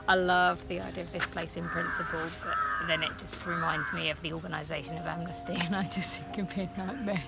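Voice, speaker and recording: A woman's voice: fairly low pitch, steady tone, brisk, creaky, over loud music. A woman travel vlogger chatting casually outdoors, thinking aloud with frequent ums. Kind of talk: casual travel vlog commentary.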